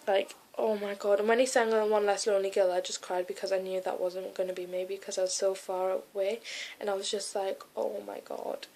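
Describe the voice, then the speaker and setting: A woman's voice: mid-range voice, a bit bright, a little hiss or hum, poor audio. Young woman, teenage vlogger, rambling and gushing, filler-heavy chatter, webcam in a bedroom. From United Kingdom. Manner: gushing, rambling, lots of "like" and "oh my God". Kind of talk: casual vlog recounting a concert.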